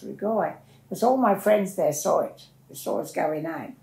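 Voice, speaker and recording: A woman's voice: lowish voice, big pitch swings, normal speed, gravelly, dark tone. An older woman, telling her life story in a plain-spoken, rambling way as an interviewee. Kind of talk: personal storytelling. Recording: roomy echo.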